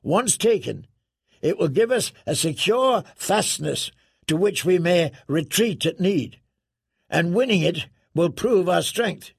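A stern middle-aged lord commander, read by a man in an audiobook gives orders with cold deliberation. The voice is gravelly and husky, close and dry, pitched slightly above the narrator's own. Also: lively intonation, slow pace, no echo, full character voice. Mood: scornful, resolute.

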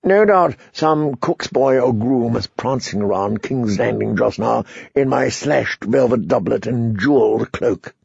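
A man voicing a frightened, pompous older high-born lord who pleads in a shrill voice. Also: a little slow, creaky, hardly any pauses, darkish tone, slightly rough, no echo, dull audio, heavily acted. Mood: fussy, self-pitying. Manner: shrill pleading, then fussy self-pity.

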